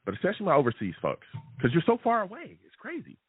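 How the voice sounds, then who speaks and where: A man hosting a live sports fan show, chatty and animated, who keeps checking in with his listeners. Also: sits high, quick pace, slightly rough, no echo, faint music behind. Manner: animated and chatty, repeats "okay?" and "all right?" often. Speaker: sports podcast host. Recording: tinny phone-like sound.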